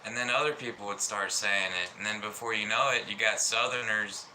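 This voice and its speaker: A man from Alabama with a Southern US accent, rambling slowly through a casual livestream chat with lots of fillers. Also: fairly low pitch, fairly even intonation, sharp tone, slight background noise, low-quality recording.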